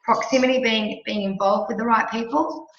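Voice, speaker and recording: Give me an emphatic Australian coach woman, bright and echoey. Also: fairly high pitch, normal speed, a little hiss or hum. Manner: emphatic, animated, checks in with listener. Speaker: mentor and coach. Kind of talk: motivational coaching chat. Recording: echoey room, dull lo-fi sound.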